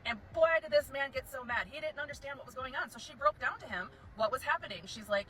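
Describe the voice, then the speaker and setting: A woman who is a veteran, telling a story in a casual, animated and profane way and acting out both sides of the conversation. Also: sits high, fast talker, hardly any pauses, poor audio.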